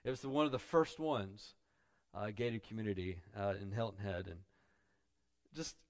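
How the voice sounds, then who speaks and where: A man preaching a sermon as pastor, dropping to quiet asides and building to loud, emphatic peaks. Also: lowish voice, lively intonation, moderate pace, clear, resonant tone.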